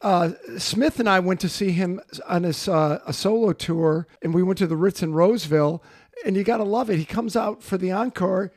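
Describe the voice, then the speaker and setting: A man's voice: sits high, normal speed, darkish tone, no echo, clean studio sound. A man co-hosting a music podcast, chatting casually, telling stories and laughing often. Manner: laughing, storytelling. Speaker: podcast co-host. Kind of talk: casual chat.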